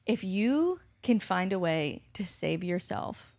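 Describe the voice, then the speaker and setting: A woman's voice: fairly low pitch, big pitch swings, slow, vocal fry, darkish tone. A young woman co-hosting a podcast, chatting casually and thoughtfully, filling her sentences with "like". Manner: talkative, peppered with "like", reflective. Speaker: podcast co-host. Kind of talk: casual chat.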